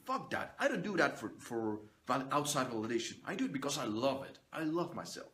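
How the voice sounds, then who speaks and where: A man's voice: medium pitch, big pitch swings, fairly quick, hardly any pauses, fairly bright tone. A man giving a blunt, profane motivational monologue to his own camera, swearing freely and pushing his viewers to stand on their own. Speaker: motivational vlogger. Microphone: phone or camera he is recording himself on.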